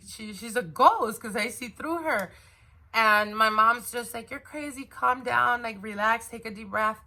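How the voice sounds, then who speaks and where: Bright-voiced woman telling a story casually. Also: on the low side. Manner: rambling, lots of fillers and restarts, laughs while telling. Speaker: tarot reader and channel host.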